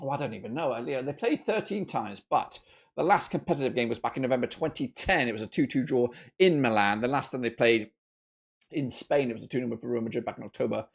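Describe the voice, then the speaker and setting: A man hosting a football predictions video in a chatty, animated way, often correcting himself. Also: fast talker, creaky, husky. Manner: animated, with frequent jumps in pitch and loudness; chatty, with filler "uh"s and self-corrections. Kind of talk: casual match-prediction commentary.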